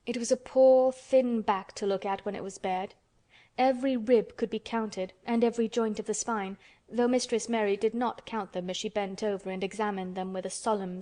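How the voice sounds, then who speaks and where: A woman narrating an audiobook in a steady, measured way. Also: medium pitch. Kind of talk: scripted narration.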